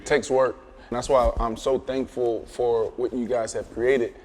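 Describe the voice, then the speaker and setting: A man's voice: medium pitch, level tone, a little slow, darkish tone, big-room sound. A man hosting an interview, thankful and asking his guest questions. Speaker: host.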